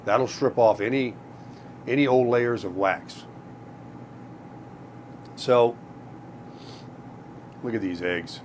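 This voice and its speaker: A middle-aged man casually vlogging his morning routine. He rambles chattily to the viewers while cooking, drifting from one small story to the next in a relaxed, unscripted way. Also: medium pitch, slow pace, long pauses, a little hiss or hum. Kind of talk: casual morning vlog chat. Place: home kitchen, RV.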